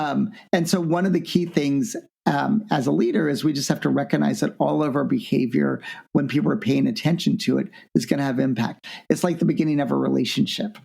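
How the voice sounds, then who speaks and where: A man, a business professor guest on an interview podcast, telling stories in a lively way and acting out quoted people with big jumps in his voice. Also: a little high, creaky. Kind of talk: animated interview storytelling.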